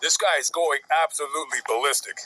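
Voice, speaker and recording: Bright-voiced man telling a crime story. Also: mid-range voice, fast talker, poor audio. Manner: dramatic, conversational retelling with asides. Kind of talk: casual true crime narration. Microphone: played from a video being reacted to.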